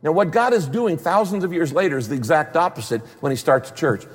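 A pastor preaching a sermon, emphatic and repeating key phrases, sometimes acting out the voices of people in the story. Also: male voice, fairly high pitch, animated, fast talker, breathy edge. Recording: long reverb of a large hall.

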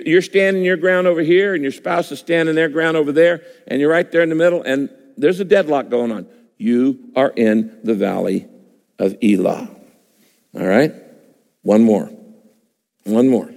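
A man's voice: mid-range voice, a little mellow. A man preaching a sermon as a pastor, emphatic and repeating key phrases for effect. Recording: long hall reverb.

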